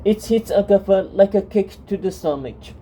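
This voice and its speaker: A woman narrating a fantasy storybook in a calm, steady reading voice. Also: medium pitch, normal speed, slight background noise, poor audio.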